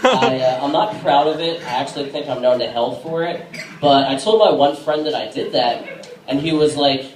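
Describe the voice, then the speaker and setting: A man performing a casual stand-up set on a bar stage, with a halting delivery full of fillers. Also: medium pitch, slight background noise. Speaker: stand-up comedian. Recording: echoey room from a distance.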